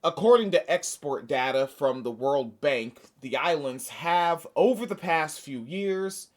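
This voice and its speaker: A man's voice: on the high side, animated, unhurried. A man hosting a podcast, reading news aloud and breaking off into sarcastic, profane asides. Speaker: podcast host.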